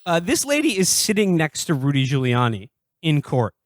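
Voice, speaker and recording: A man co-hosting a comedic podcast, speaking sarcastically and haltingly with many fillers. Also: on the high side, sing-song, no echo, clean studio sound. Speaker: podcast co-host. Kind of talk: casual comedic podcast chat.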